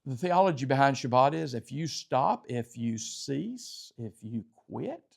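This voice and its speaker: A man preaching a sermon in a church, teaching in a conversational way and drawing in the congregation, with sharp swings between loud emphasis and quiet asides. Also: mid-range voice, animated, a little slow, vocal fry. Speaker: pastor. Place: church sanctuary.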